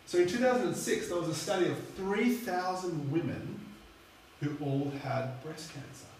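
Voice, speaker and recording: A man delivering a sermon in a loose, conversational way, full of asides and fillers. His slightly high voice comes from far off the mic and booms around a reverberant hall. A faint steady hum sits underneath. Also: normal speed. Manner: chatty, rambling, many fillers. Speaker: preacher. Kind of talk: sermon storytelling.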